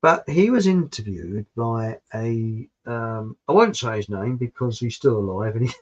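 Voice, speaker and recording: A man's voice: medium pitch, lively intonation, a little slow, a little mellow. A man hosting his own channel, giving a blunt, digressive opinion monologue with frequent restarts and some mild swearing. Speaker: channel host. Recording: dull lo-fi recording.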